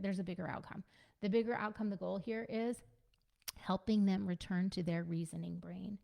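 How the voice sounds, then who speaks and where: A woman giving a casual teaching talk to parents as a parenting coach, conversational and gently instructive, repeating her key points. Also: fairly low pitch, creaky. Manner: conversational, frequent fillers like "you know" and "like".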